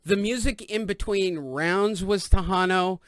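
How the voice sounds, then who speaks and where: A man from East Los Angeles hosting a boxing podcast, joking and telling animated stories in casual chat. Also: sits high, measured pace, smooth, no echo. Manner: loud, joking, animated storytelling. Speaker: podcast host.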